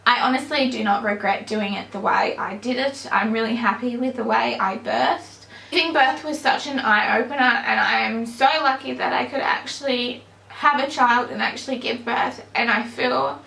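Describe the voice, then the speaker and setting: A woman's voice: on the high side, normal speed, creaky, sharp tone. A young woman vlogger telling a personal story to camera in a chatty way, with many ums and likes. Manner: chatty, many "um"s and "like"s, bursts of laughter. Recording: echoey room.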